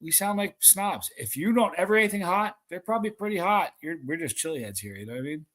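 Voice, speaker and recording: A man hosting a live stream, reading viewer comments aloud and calling out excited countdowns. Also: sits high, fast talker.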